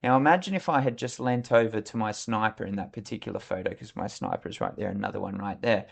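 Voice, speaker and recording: A man's voice: on the low side, fast talker, gravelly. Candid Australian man telling stories. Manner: candid, reflective storyteller. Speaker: leadership consultant, podcast guest. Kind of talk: podcast interview storytelling.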